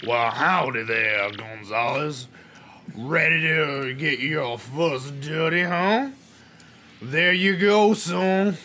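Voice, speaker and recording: A man voicing a jovial southern fight promoter in a slow, drawn-out put-on drawl while reading game text. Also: a little high, expressive, a bit bright, slight background noise.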